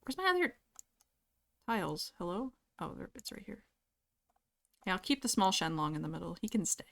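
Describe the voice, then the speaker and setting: A woman's voice: fairly low pitch, lively intonation, normal speed, gravelly, a bit bright. A young woman streaming from home, chatting casually and reading chat aloud, giggling often.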